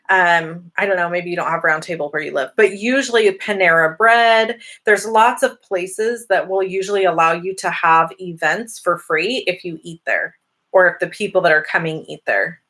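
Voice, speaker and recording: A woman's voice: medium pitch, bright, forceful tone. A woman hosting a casual live Q&A, chatty and upbeat as she reads out viewer comments and answers them. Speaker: host answering viewer questions. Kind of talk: casual live-stream Q&A chat.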